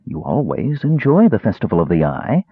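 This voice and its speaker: A man reading an audiobook, voicing a gentle, concerned noblewoman who talks softly and pleadingly to her husband. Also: on the low side, huge pitch swings, normal speed, breathy edge, no echo, full character voice. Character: concerned noblewoman, gentle, long-married wife. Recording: dry, tinny phone-like sound.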